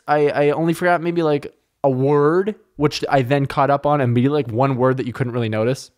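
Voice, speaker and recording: A Canadian man hosting a podcast in casual chat, rambling and excitable, with heavy swearing. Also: medium pitch, a little fast. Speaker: podcast host.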